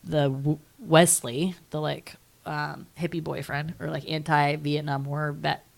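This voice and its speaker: A woman's voice: deep voice, little pitch movement, a little slow, creaky. A young woman co-hosting a podcast, rambling through a film discussion with lots of "like" and casual swearing. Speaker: podcast co-host.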